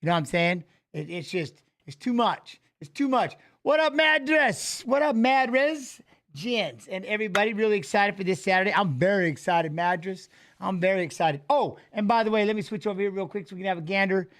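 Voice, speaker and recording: A man's voice: high-pitched, fast talker, a bit bright. A man in his forties hosting a livestream, chatting loosely and rambling as he greets his viewers. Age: 40s. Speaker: livestream host. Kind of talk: casual livestream chat.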